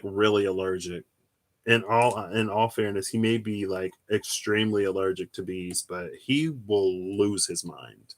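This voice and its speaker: A young man talks loosely and rambles, drifting from one story to the next while he reads tarot on a live stream. His voice sits fairly low but sounds bright and forceful, and he breaks into squealing, high-pitched laughs.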